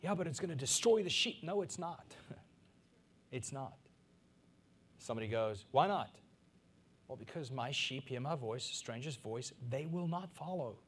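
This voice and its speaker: A middle-aged man from Africa preaching a sermon as pastor, swinging between soft asides and loud, emphatic peaks. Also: medium pitch, lively intonation, moderate pace, pauses often, husky.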